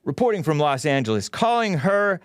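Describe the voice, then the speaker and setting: A man's voice: fairly high pitch, fairly quick, clean tone, dry recording, clean studio sound. A man hosting a live-streamed talk show, chatting casually and reading viewer comments aloud. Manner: animated, reads chat comments aloud with laughs.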